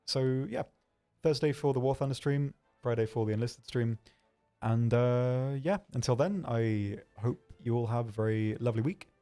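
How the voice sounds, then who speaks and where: A man hosting a livestream, answering viewer questions in a hesitant, rambling way with dry, deadpan humor. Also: medium pitch, moderate pace, faint music behind. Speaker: livestream host.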